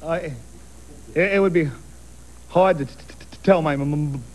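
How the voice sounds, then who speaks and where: A man's voice: on the high side, moderate pace, a little mellow. A man playing a contestant on a radio dating game, stuttering heavily on his words. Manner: heavy stutter.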